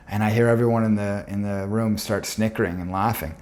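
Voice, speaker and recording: A man's voice: fairly low pitch, steady tone, brisk, darkish tone. A young man telling a personal story in an earnest, intense way, often stopping to restart his words.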